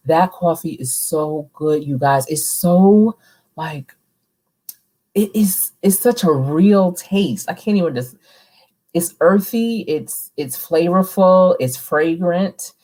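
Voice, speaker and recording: Woman, low voice, chatty live stream host, reads out viewer comments. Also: takes it slowly, warm tone. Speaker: livestream host, coach. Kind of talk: casual live stream chat.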